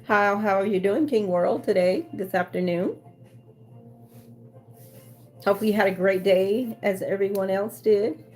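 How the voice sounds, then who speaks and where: A woman's voice: mid-range voice, unhurried, pauses often, darkish tone, soft background music. A woman hosting a casual livestream, reading viewer comments aloud and chatting back with lots of fillers and restarts. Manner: rambling with frequent fillers and restarts. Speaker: livestream host.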